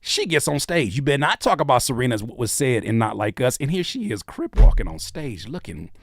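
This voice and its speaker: A man giving casual, joking reaction commentary as a YouTube host, animated and often dropping into quiet asides. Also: medium pitch, fairly quick, vocal fry, dry recording, studio quality.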